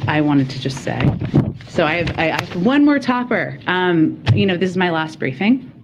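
Woman spokesperson, low voice, halting farewell speech, lots of "um"s. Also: very animated, heavy background noise. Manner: halting, many fillers, fighting emotion. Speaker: press secretary at a briefing. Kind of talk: formal farewell remarks at a podium.

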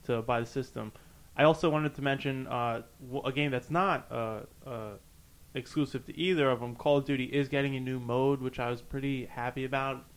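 A man's voice: mid-range voice, fairly even intonation, a little fast, clean tone. A man hosting a casual gaming podcast, talking in a laid-back, chatty way. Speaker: podcast host.

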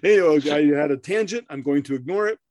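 A man's voice: a little high, expressive, fast, a little mellow, no echo, clean studio sound. Rambling, profane middle-aged man. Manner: rambling, profane, laughs often, stammers on restarts. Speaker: podcast co-host. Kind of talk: casual chat.

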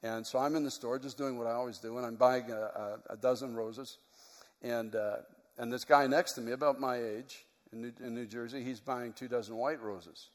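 Male pastor, middle-aged, earnest sermon storyteller, medium pitch, long reverb of a large hall. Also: steady tone, moderate pace.

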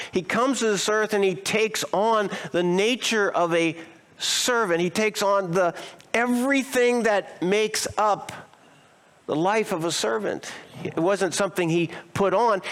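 High-voiced, smooth-toned male pastor preaching. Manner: expressive preaching with rhetorical questions and dramatic slowing. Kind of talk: sermon.

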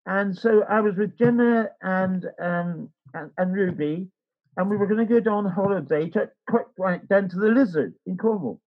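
A man's voice: sits high, moderate pace, muffled recording. Older man telling a rambling story. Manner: rambling, animated storytelling with quoted voices. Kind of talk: casual anecdote.

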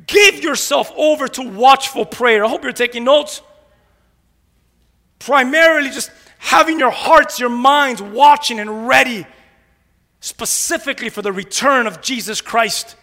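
Male pastor, energetic call-and-response sermon; very high, gravelly voice in a reverberant church. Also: measured pace. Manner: preachy call-and-response, rhetorical "what?" questions; mocking grumblers in mumbled asides. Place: church sanctuary.

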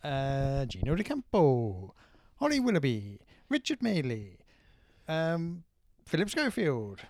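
A man co-hosting a casual chat show, joking and going off on quick tangents with crude humour. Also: fairly high pitch, huge pitch swings, no echo. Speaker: podcast co-host.

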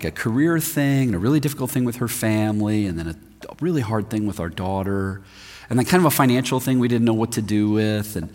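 A man preaching a sermon, telling stories with sudden swings from loud emphasis to a hushed, near-whispered voice. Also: medium pitch, slightly rough. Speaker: pastor. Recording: long reverb of a large hall.

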